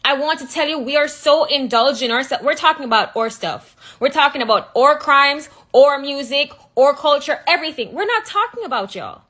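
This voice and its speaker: Sassy high-voiced Jamaican woman ranting. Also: lively intonation, moderate pace, few pauses, fairly bright tone. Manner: sassy, emphatic, mocking. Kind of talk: ranting to camera.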